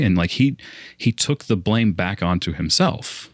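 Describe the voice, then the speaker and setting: Young male podcast co-host, very low voice, dry close sound, rambles and restarts a lot. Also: lively intonation, measured pace, no echo. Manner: rambling storyteller with frequent restarts. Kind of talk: casual podcast chat.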